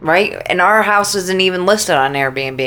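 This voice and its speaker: A woman's voice: a little slow, pushed and bright. Laid-back woman podcast co-host. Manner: laid-back, dry, low-key. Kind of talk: casual banter.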